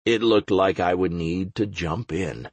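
Slow, husky male audiobook narrator. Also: sits low, dry recording. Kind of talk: first-person fiction narration.

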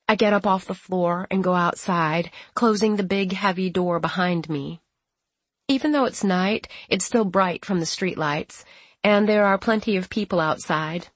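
A woman's voice: fairly low pitch, no room sound. A woman narrating a first-person audiobook in a plain, conversational storytelling manner, close to the mic.

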